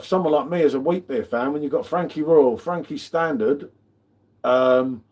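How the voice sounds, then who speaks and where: Chatty man with a higher voice. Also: darkish tone. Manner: chatty, matey banter, greets viewers by name. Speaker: beer reviewer hosting a live tasting. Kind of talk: casual live-stream chat.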